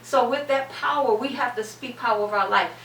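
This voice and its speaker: A woman's voice: fairly high pitch, a little fast, fairly bright tone. A middle-aged woman giving an emphatic, preacher-like testimony as a panel guest, repeating phrases for weight. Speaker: guest, cancer survivor. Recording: echoey room, distant mic, faint hum.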